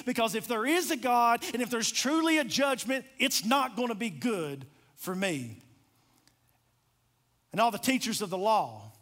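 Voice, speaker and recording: A man with a strikingly high voice preaching a sermon. He builds the parable with dramatic pauses and rhetorical questions, acting out its scenes as he tells them. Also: fairly bright tone. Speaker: pastor.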